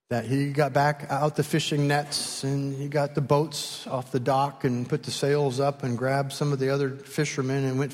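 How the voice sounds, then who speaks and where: A man preaching a sermon, retelling a story with lively, animated delivery and acted-out voices. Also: medium pitch, big-room sound. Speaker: pastor.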